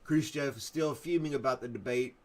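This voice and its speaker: A man's voice: medium pitch, brisk, a little mellow. A man hosting a live casual chat show, joking around and often laughing at his own bits. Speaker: host.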